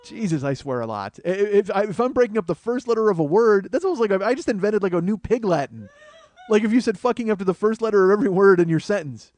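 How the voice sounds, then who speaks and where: A man's voice: sits high, expressive, fast, darkish tone. A man hosting a comedy podcast, rambling profanely through a solo monologue and laughing at his own jokes. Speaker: podcast host.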